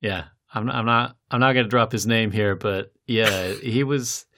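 A man hosting a podcast in casual chat, thoughtful and measured, laughing between points. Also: fairly low pitch, pushed and bright. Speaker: podcast host.

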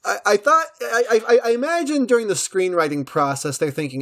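A man co-hosting a podcast in casual chat, jokey and animated, quick to laugh. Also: high-pitched. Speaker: podcast co-host.

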